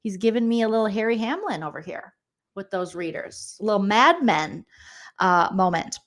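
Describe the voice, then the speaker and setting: Speaking at a moderate pace with lively intonation, this young woman's mid-range, slightly bright voice carries a gossipy, sarcastic reality-show recap. She's a comedian who addresses her audience directly in a chatty way and imitates the people she mocks with put-on voices.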